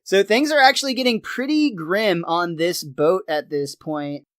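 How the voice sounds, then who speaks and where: A podcast co-host recapping a cartoon episode in a lively storytelling way, laughing often. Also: medium pitch, a little slow, dry recording, clean studio sound.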